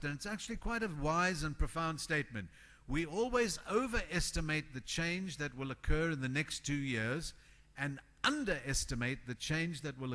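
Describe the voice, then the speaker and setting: In a fairly high voice, a man gives an emphatic, animated motivational talk as keynote speaker at a conference, impersonating the people he quotes for the audience in the hall.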